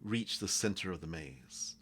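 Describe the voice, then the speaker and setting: A man narrating as game master of a tabletop game, in loose, halting descriptions. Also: low voice, lively intonation, fairly bright tone, slight background noise.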